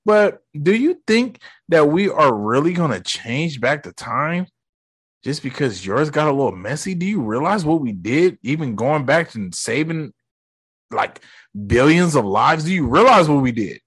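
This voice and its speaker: A man's voice: fairly high pitch, sing-song, unhurried, a bit bright, slightly rough, full character voice. A man voicing a laid-back male sorcerer who lectures in casual slang. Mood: lecturing.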